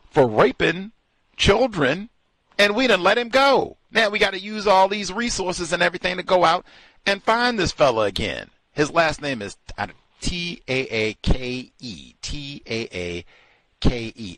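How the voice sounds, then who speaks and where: Male talk radio host, sardonic and mocking, fairly high voice, dry close sound. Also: fairly bright tone, no echo, low-quality recording. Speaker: call-in show host.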